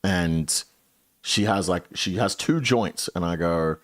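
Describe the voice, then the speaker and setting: A young man streamer telling a story in a casual way, animated and swearing a lot. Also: low voice, slow, dry recording, clean studio sound.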